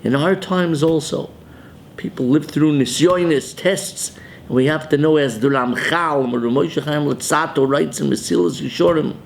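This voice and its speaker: A man's voice: on the high side, creaky, a little mellow, slight background noise. An older man, a rabbi, giving a Torah sermon in English sprinkled with Hebrew and Yiddish terms in Ashkenazi pronunciation.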